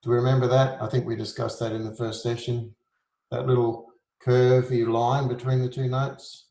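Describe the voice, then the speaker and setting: A man teaching a relaxed, informal music lesson. He explains rhythm, sings beats on "da", and jokes at his own expense. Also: medium pitch, moderate pace, echoey room.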